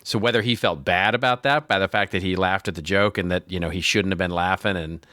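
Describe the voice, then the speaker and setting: A man's voice: low-pitched, steady tone, brisk, pushed and bright, no room sound. A man co-hosting a marketing podcast, talking casually with frequent restarts and fillers. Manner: chatty, lots of restarts and fillers. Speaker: podcast co-host. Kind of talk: casual chat.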